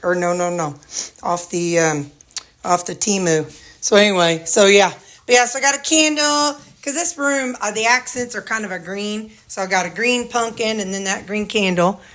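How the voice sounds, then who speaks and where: A woman's voice: medium pitch, fairly bright tone. Chatty Missouri woman touring her home. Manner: rambling, chatty, talks to her dogs. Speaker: vlogger. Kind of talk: casual home tour vlog. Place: her house, indoors.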